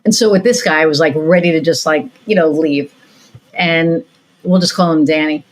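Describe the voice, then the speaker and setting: A woman with a somewhat low voice hosts a relaxed podcast conversation. She rambles through her stories, circling back with fillers and false starts as she goes. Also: normal speed, low-quality recording. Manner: rambling storytelling with many fillers and restarts. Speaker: podcast host. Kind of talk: casual interview chat.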